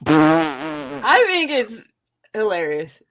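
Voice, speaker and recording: A woman co-hosting a live stream, teasing and quick in casual chat. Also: mid-range voice, big pitch swings, gravelly. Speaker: co-host.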